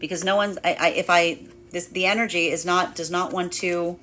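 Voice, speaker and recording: This woman reads tarot in a rather low voice. She circles back over the same phrases again and again, restarting her sentences as she goes. Now and then she breaks into a playful acted aside. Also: steady tone, moderate pace, bright, forceful tone. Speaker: tarot reader. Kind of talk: spiritual tarot reading monologue.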